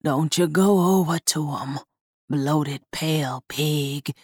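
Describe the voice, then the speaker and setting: A woman voicing a hoarse, angry old possessed doll in a spoken horror story. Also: low-pitched, slow, darkish tone, dry recording, studio quality, full character voice. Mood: hostile. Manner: muttering, hostile.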